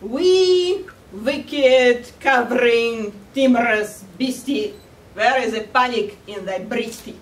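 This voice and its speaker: Woman putting on a loud Scottish-accented wolf. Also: fairly high pitch, slow pace. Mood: mock menace. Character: menacing male wolf. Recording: echoey hall, mic far off.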